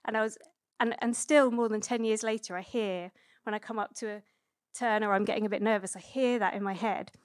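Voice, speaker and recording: Chatty woman giving a relaxed sermon. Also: medium pitch, a little fast, dry recording, studio quality. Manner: chatty and relaxed, with many fillers and self-corrections. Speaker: preacher. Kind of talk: conversational sermon.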